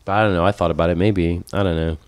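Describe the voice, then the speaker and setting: A man's voice: low voice, very fast, clean tone, dry recording. A man co-hosting a casual podcast, telling stories and acting out both sides of conversations. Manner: animated storyteller, acts out both sides of conversations. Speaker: podcast co-host. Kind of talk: casual storytelling chat.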